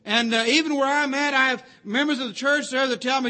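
High, bright-voiced man preaching a sermon. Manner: earnest, repeats key phrases with slow emphasis.

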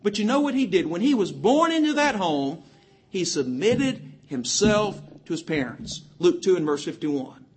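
A very animated man with a high, husky voice preaches to young listeners. He cites verses rapidly and with emphasis, quoting scripture in King James language.

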